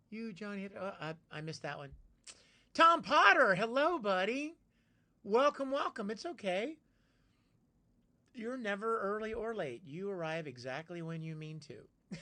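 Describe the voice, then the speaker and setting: A man chatting casually with his live-stream viewers, playfully greeting each one by name with bursts of excitement. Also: high-pitched.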